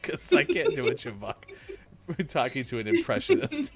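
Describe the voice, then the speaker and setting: A man's voice: mid-range voice, wildly swooping pitch, normal speed, gravelly, faint music behind. Giggly, self-mocking male show host. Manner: giggly, self-deprecating, laughs often. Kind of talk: casual chat. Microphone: calling in over voice chat.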